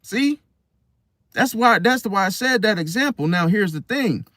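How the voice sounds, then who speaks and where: A man with a somewhat high voice talks straight to his viewers in an emphatic, casual monologue. He keeps circling back to the same phrases and checking in with "See?" The sound is dry and close, with no room around it. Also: animated, moderate pace, a bit bright, dry recording. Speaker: astrology channel host.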